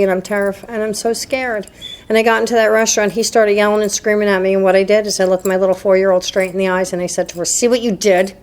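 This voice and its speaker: A woman's voice: medium pitch, darkish tone, a little hiss or hum. A woman from New Jersey giving a candid, self-deprecating personal testimony to a recovery meeting, laughing at her own past. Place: meeting hall before a live group.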